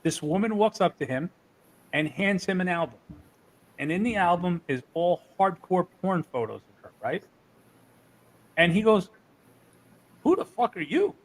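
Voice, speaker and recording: A man's voice: high voice, expressive, moderate pace, long pauses, slight background noise, low-quality recording. A man being interviewed, telling heated stories and swearing freely. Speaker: interview guest. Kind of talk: casual interview.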